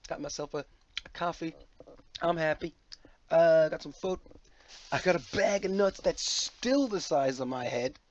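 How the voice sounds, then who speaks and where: A man's voice: a little high, a little slow, pauses often, muffled recording, a little hiss or hum. A man talking to camera in a loose, rambling, jokey monologue, swearing freely. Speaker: vlogger.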